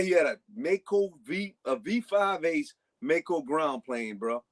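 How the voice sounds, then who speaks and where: A man's voice: on the high side, animated, a little slow. A man telling long casual stories as a guest on a talk show, rambling with frequent restarts. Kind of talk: casual storytelling.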